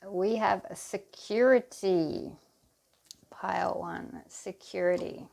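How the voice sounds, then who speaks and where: A woman giving a pick-a-card tarot reading to her viewers, talking in an unhurried, soothing way and speaking to them directly. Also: fairly low pitch, gravelly, darkish tone.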